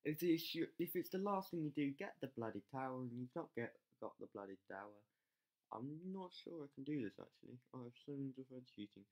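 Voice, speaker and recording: A gamer commentating live gameplay, excitable, yelling at troops, swearing and mocking themself. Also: medium pitch, quick pace. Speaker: game channel host.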